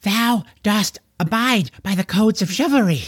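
A man voicing a cheeky twelve-year-old boy in a storybook reading, in a high, strained voice. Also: animated, measured pace, breathy edge, no echo, studio quality, full character voice. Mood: pleading.

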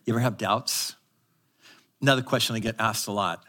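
This pastor's voice sits on the low side with a sharp tone as he preaches live to his congregation at a church service. Emphatic in his teaching, he has listeners repeat words and mixes quick asides with slow, stressed phrases.

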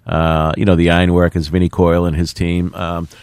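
Middle-aged man, low voice, folksy plainspoken mayor, dry sound. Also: completely flat delivery, fairly quick, a little mellow, smooth, dry recording. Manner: folksy, plainspoken, many fillers. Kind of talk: radio interview talk.

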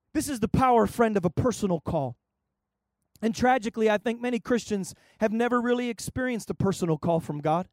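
High-pitched guy preaching outdoors, fired up, dry close sound. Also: animated, brisk, dry recording. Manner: impassioned, rising to shouts. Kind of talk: open-air sermon. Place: outdoor fairground event.

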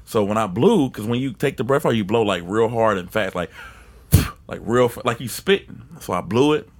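Lively swearing young male podcast host. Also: fairly low pitch, moderate pace. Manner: animated storyteller, acts out voices, swears a lot. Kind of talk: casual chat.

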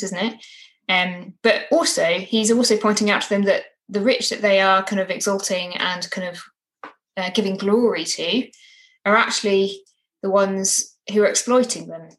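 A woman's voice: medium pitch, fairly even intonation, moderate pace, a bit bright, poor audio. A woman co-hosting a casual Bible study discussion, earnest and reflective, often ending points with tag questions. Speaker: co-host discussing a Bible passage.

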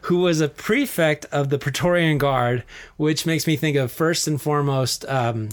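A man hosts a casual podcast, spinning Bible history as a lively story. His voice sits a touch higher than most men's, and he laughs easily as he goes. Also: normal speed. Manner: animated storyteller, laughs often, acts out quotes. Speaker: podcast host.

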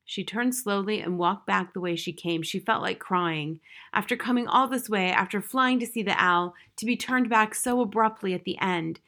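A woman's voice: medium pitch, normal speed, pushed and bright. Woman reading a children's novel aloud. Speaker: narrator. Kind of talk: audiobook reading.

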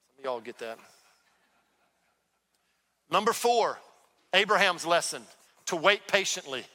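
A man preaching a sermon as a pastor in a church, talking conversationally and breaking into quick acted-out dialogues. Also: high-pitched, lively intonation, sharp tone. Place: church sanctuary. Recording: long hall reverb.

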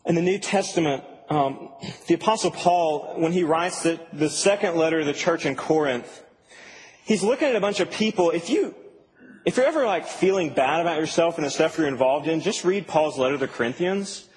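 Young male pastor, high voice, relaxed humorous delivery, long hall echo. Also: brisk. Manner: casual, animated, humorous preaching. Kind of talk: sermon. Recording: reverberant hall, faint ambient noise.

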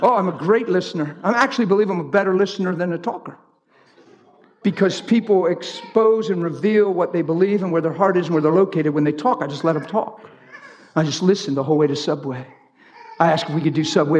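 A man preaching a sermon in an animated way, swinging from high shouts down to low storytelling. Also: brisk, dull audio, a little hiss or hum. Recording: long hall reverb.

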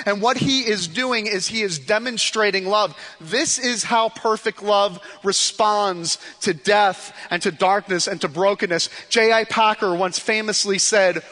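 A man preaching a sermon to his church, passionate, swinging from hushed pleas to forceful declarations. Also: high-pitched, in a large hall. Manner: impassioned, shifts between soft hushed pleas and rising forceful declarations. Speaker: pastor. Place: church sanctuary.

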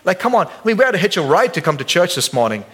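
A man preaching a sermon as pastor in a church service, casual and joking with the congregation, jumping high in pitch when acting out quotes. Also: big pitch swings, very fast, fairly bright tone.

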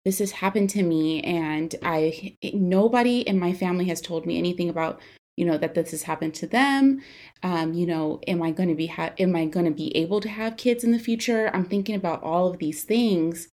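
A woman's voice: lowish voice, moderate pace, darkish tone. Young woman telling a personal story. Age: 20s. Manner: candid, emotional, frequent "like" and "you know" fillers. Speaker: podcast host.

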